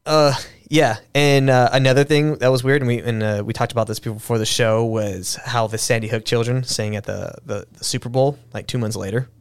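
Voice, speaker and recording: A man in a middle register hosting a casual podcast. He rambles, restarts his sentences and swears freely. His voice sits at an ordinary mid pitch throughout. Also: steady tone, brisk, hardly any pauses, smooth. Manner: rambling, many restarts and fillers, profane. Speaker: podcast host. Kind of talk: casual conversational commentary.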